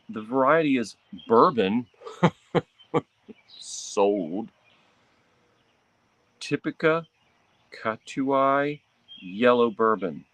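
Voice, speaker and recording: A man, an author who hosts his own vlog, chatting casually and rambling outdoors under a tree. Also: lowish voice. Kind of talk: casual morning chat. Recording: outdoor recording with loud birdsong.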